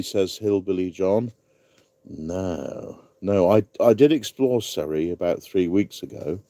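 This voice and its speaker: A man's voice: sits low, dark tone, dry recording. A man hosting a casual live-stream quiz, chatty and rambling, laughing at his own asides. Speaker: livestream quiz host.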